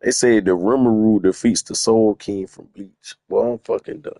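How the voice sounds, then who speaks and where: Gravelly-voiced man ranting in disbelief. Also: lowish voice, steady tone, moderate pace, warm tone, no echo. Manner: incredulous, profane, rambling rants. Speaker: streamer. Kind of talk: casual reaction commentary.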